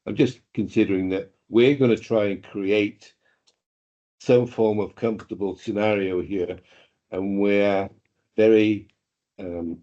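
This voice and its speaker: A man's voice: lowish voice, fairly even intonation, measured pace, warm tone. A man with a Welsh accent, a councillor raising questions in a hesitant way at a council meeting. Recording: dull lo-fi meeting room recording.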